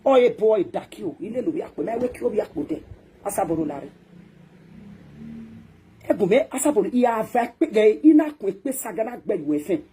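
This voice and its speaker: A Nigerian-accented social media talk show host delivers a scolding rant, swinging between loud outbursts and hushed muttering. Her mid-range voice is sing-song and brisk, with a little hiss or hum in the audio.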